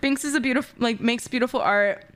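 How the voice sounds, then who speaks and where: High-voiced bubbly young woman streamer. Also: fast talker. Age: 20s. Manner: bubbly and giggly, often breaking into laughter. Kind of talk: casual livestream chat, reading fan messages aloud.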